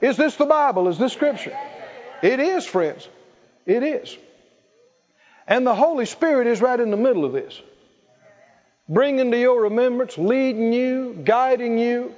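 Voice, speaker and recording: A man's voice: very high voice, animated, a little slow, pauses often, darkish tone, in a large hall. A man preaching a sermon, leading the congregation in call-and-response and laughing between points. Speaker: pastor. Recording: muffled church recording.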